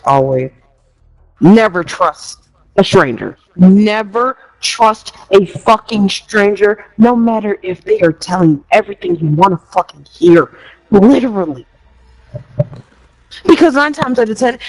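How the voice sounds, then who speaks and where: A woman's voice: on the low side, darkish tone, poor audio. A young woman, rambling emotionally on a live stream, swearing and laughing nervously, close to tears. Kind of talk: casual live stream chat.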